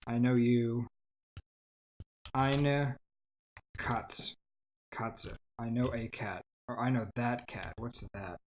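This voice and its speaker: A man's voice: medium pitch, fairly even intonation, takes it slowly, long pauses, slight background noise. A man on a casual livestream, teaching himself a language, sounding out words hesitantly and thinking aloud. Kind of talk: casual self-study livestream.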